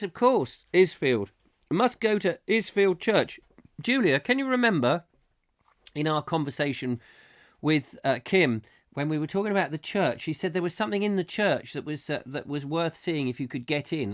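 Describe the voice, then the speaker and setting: A middle-aged English man with a cold hosts a live comic chat show, reading out viewers' messages and drifting off into silly tangents. His voice sits a little high and swings widely up and down as he jokes. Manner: playful, rambling, slips into silly put-on accents. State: has a cold, coughing.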